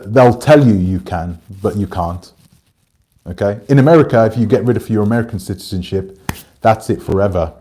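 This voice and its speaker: A man with a low voice talks loosely into the camera, rambling from one point to the next and picking up viewers' comments as he goes. His tone is dark and mellow, with a relaxed, conversational delivery. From Britain. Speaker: channel host. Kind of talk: casual livestream commentary.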